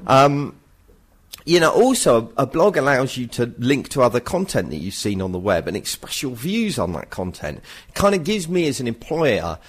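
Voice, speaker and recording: A man's voice: medium pitch, sing-song, normal speed, husky. A middle-aged man co-hosting a casual podcast, chatty and self-mocking, with teasing mock rants. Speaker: podcast co-host.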